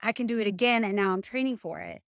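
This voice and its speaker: A woman's voice: mid-range voice, fast talker, clear, resonant tone, no room sound, studio quality. A woman hosting a podcast interview, eager and encouraging, with many short sounds of agreement. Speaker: podcast host. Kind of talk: casual interview chat.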